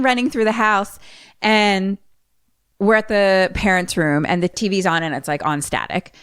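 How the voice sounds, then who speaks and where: Woman co-host, lowish voice, dry booth sound, chatty movie recapper. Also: moderate pace, fairly bright tone, clean tone, dry recording. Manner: retells scenes breathlessly, acts out character lines. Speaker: podcast co-host. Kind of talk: casual movie recap chat.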